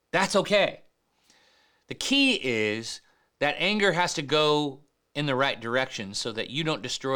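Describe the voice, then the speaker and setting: A man preaching a sermon in a conversational, emphatic way, often dropping soft and low to stress a point. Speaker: pastor.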